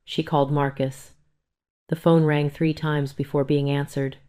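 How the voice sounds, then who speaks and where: A woman narrates a dramatic first-person family story. Her delivery is stern and cold, in a low voice. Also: little pitch movement, unhurried, warm tone.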